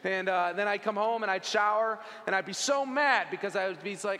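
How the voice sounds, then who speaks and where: A man's voice: sits high, quick pace, few pauses, bright, forceful tone, a little hiss or hum. Earnest man telling his story in a hall. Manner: earnest, conversational storytelling with casual asides. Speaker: speaker giving a faith testimony. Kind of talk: personal testimony talk to an audience.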